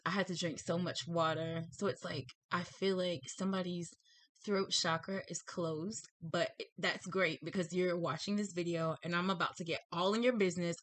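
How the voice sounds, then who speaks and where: Lowish and a bit bright, her voice carries no room sound. She's a tarot reader with a lisp hosting a spiritual reading channel, bubbly, effusive and repeating herself as she stumbles a little over announcements in a chatty video intro.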